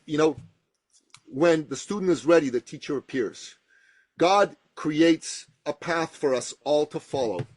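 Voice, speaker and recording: A man telling his story as a podcast guest, animated and acting out the voices in it. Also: a little high, no echo. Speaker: podcast guest, business coach. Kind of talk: storytelling in conversation.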